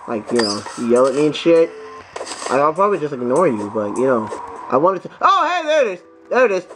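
A young man doing profane, excitable let's play commentary, talking back to the enemies on screen. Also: medium pitch. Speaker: gameplay commentator.

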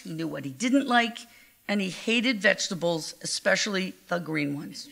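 An older woman giving a heartfelt, measured eulogy at a memorial gathering. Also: medium pitch, vocal fry, a bit bright. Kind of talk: memorial tribute speech.

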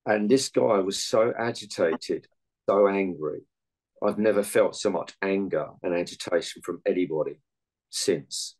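A man's voice: low voice, unhurried, a little mellow, low-quality recording. A man, a meditation and martial arts coach, giving earnest interview answers full of anecdotes from his coaching.

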